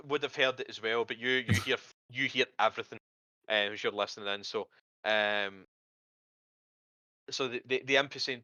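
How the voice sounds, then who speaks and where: A man's voice: medium pitch, fairly even intonation, moderate pace, long pauses, bright, forceful tone, no echo. A man narrating as game master of a tabletop game, rambling with hesitations and casual swearing.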